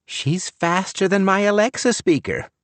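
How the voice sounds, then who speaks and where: A man's voice: sits high, lively intonation, a little slow, a bit bright, no room sound, pitched above the performer's own voice. A man voicing a chatty, gushing middle-aged mother in an audiobook.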